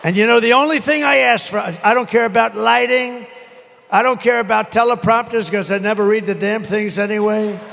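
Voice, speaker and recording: An older man giving a rambling, boastful rally speech that flares into angry shouting. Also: high-pitched, steady tone, a little fast, creaky. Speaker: politician speaking at a rally. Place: large arena rally. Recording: echoey arena sound, faint crowd ambience.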